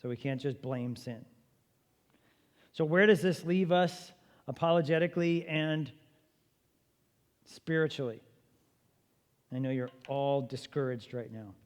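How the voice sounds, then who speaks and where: Male church seminar teacher, mid-pitched, conversational and emphatic, with a lingering hall reverb. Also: unhurried, pauses often. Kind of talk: apologetics seminar lecture. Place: church meeting room.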